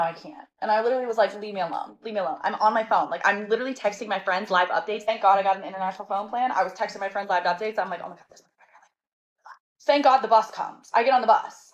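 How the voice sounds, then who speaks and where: A woman telling a storytime in a casual, animated and sassy way, exasperated and laughing between lines. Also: a little high, lo-fi sound.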